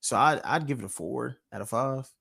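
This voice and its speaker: A man reviews a movie in a loose chat, excitable and full of slang and swearing. His voice sits in a middle range for a man. The sound is dry and close. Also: mid-range voice, normal speed, creaky, breathy edge, no echo. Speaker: podcast co-host.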